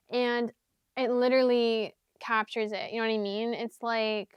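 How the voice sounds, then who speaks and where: A young woman chats through her book picks in a loose, rambling way, full of "like"s and fillers, now and then half-singing a lyric. Her voice sits a little high and sounds smooth and clear. The sound is dry and close, with no room around it. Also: level tone, normal speed, no room sound, lo-fi sound. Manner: chatty, rambling, many fillers and "like"s. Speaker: book vlogger. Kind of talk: casual chat.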